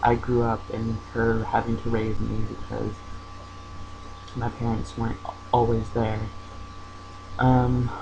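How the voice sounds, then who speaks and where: A young man talks into his camera at home and tells a personal story in a hesitant way, full of fillers and restarts. His voice stays flat, with little rise and fall. A faint hum runs underneath. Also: mid-range voice, slow pace, vocal fry, long pauses, dull audio. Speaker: vlogger.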